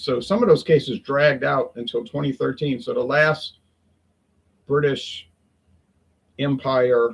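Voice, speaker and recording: Casting: gravelly, husky-voiced man, rambling folksy vlog chat at home. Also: mid-range voice, slow pace, pauses often, rough recording. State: sweating in the heat. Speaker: beer review vlogger. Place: home in Toronto, windows open.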